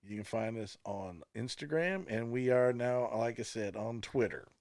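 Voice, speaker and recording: A man's voice: medium pitch, normal speed, darkish tone, no echo. Male co-host, mid voice, joking, dry close mic. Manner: joking and wisecracking, plugs the show chattily. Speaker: podcast co-host. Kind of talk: casual banter.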